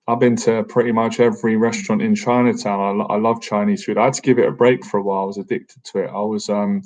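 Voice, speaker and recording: A man's voice: fairly low pitch, flat delivery, fast talker, a little mellow. A man in his thirties hosting a casual live-stream Q&A, chatty and jokey, often tacking "man" onto his sentences. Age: 30s. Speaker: boxing coach and livestream host. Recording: dull lo-fi stream audio.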